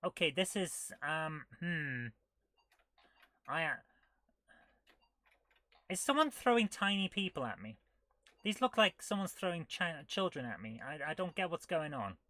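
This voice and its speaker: A woman streaming retro games and chatting as she plays, thinking out loud with amused disbelief. Her voice is bright and forward. The recording is dry and close, with no room sound. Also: low voice, sing-song, a little slow, long pauses, no echo. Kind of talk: casual live gameplay commentary.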